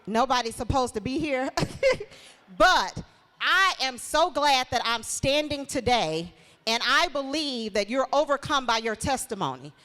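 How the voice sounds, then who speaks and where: A woman from Shreveport hosting a live event, sharing her testimony and rallying the crowd. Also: sits high. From Shreveport, Louisiana. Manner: warm preachy testimony, rallies the crowd. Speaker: show host. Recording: long hall reverb.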